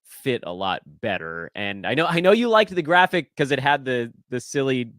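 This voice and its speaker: A man hosting a podcast in casual chat, animated, laughing easily and poking fun at himself. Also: medium pitch, normal speed, no echo, studio quality. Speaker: podcast host.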